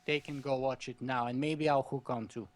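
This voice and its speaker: A man's voice: medium pitch, steady tone, moderate pace, dry recording. A man who hosts his own podcast, a guest here, chatting casually and giving encouraging advice. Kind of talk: casual chat.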